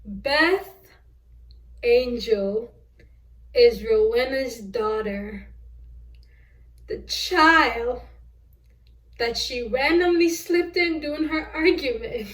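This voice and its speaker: A woman vlogger recapping a film in a casual review, telling it with exasperated disbelief. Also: on the high side. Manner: exasperated, incredulous storytelling. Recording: echoey room, distant mic.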